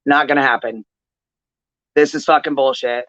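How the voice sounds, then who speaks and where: Female stream host, heated profane rant, sharp tense tone, muffled dry stream audio. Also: very deep voice, fairly even intonation, normal speed, no room sound. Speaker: livestream commentary host. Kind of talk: angry livestream commentary.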